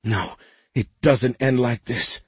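A man voicing a determined young woman who shouts urgently and speaks with grim resolve. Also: medium pitch, slow pace, slightly rough, no room sound. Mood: resolute. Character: determined young woman, fierce under pressure.

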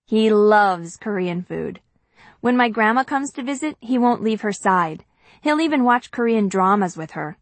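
A woman's voice: mid-range voice, no echo. A woman narrating a first-person audiobook in a chatty, confiding way.

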